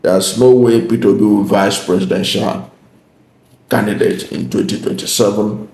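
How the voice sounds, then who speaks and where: Guy doing a political commentary, lowish gravelly voice, deliberate and emphatic, kinda echoey room. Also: steady tone, a little mellow. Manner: deliberate and emphatic, repeating key points. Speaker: channel host. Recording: roomy echo.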